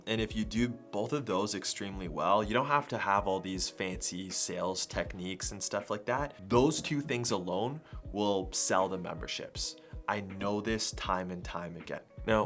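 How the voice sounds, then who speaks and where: Man with a low voice, casual sales coach, loose and chatty, faint music underneath. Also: fairly bright tone. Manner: conversational, loose, with frequent "like" and "you know". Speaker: sales coach for martial arts school owners.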